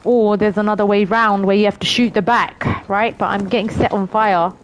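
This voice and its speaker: Excitable London woman streaming a game. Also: mid-range voice, normal speed, a little hiss or hum. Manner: chatty, excitable, yelps and swears at the game. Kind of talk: live gameplay commentary.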